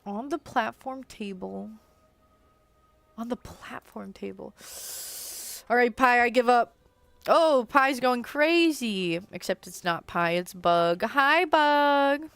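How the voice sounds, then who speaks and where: A young woman streaming a game and chatting away in a slightly high voice. She rambles casually and scatters "like" all through her sentences. The recording is dry and close, with no room sound. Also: lively intonation, slow, vocal fry, a bit bright, clear, resonant tone, no echo. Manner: rambling and chatty, fills speech with "like". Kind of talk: casual live-stream chat while gaming.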